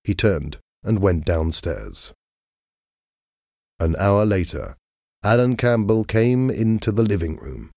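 Brief: male narrator, slow and clear, dry close studio sound. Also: on the low side, big pitch swings, mellow, no echo. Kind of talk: audiobook narration of a graded reader.

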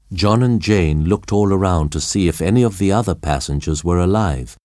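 A man narrating a storybook in a measured, expressive way. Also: low-pitched, no room sound, studio quality.

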